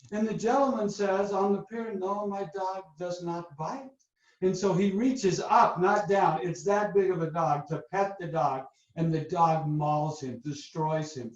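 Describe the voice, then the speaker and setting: A man hosting a motivational webinar as a coach, telling stories in a lively, upbeat way over a video call. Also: sits high. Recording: roomy, dull lo-fi webinar audio.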